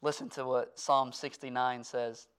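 Earnest pastor with a clear, ringing voice. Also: male voice, medium pitch, steady tone, measured pace. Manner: earnest preaching that swings from forceful to hushed. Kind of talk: sermon. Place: church.

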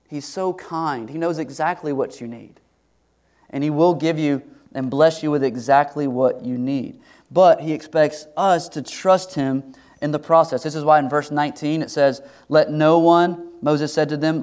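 A man's voice: a little high, darkish tone. Earnest male pastor preaching. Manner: earnest, conversational preaching with rhetorical questions. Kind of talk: sermon.

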